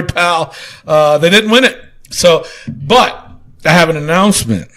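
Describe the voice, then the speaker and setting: A man's voice: fairly high pitch, fairly bright tone. Joking, easygoing male podcast host. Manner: loose, joking, laughs often, swears casually. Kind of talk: casual wrestling podcast chat.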